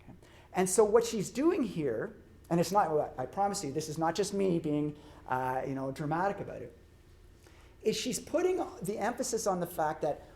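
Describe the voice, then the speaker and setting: A man's voice: fairly high pitch, sing-song, normal speed, darkish tone. A middle-aged man, a law professor, giving a conversational public lecture and often checking in with his audience. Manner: conversational, checks in with frequent "right?". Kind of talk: academic lecture.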